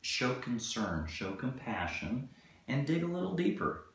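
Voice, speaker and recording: A man giving relationship advice in a casual, earnest coaching tone, slowing down for key points. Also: mid-range voice, big pitch swings, a bit bright. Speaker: relationship video co-host. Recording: very echoey room.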